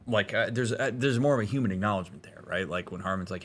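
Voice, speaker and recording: Low-voiced man analyzing a game. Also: fast, fairly bright tone. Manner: reflective, analytical, with casual fillers. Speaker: therapist playing a game. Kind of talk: let's-play commentary.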